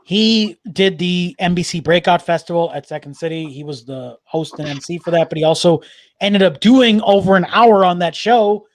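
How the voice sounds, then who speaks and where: A man's voice: sits high, normal speed, no room sound. A man, a guest comedian, chatting in an interview with enthusiastic, rambling talk full of restarts. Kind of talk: casual interview chat.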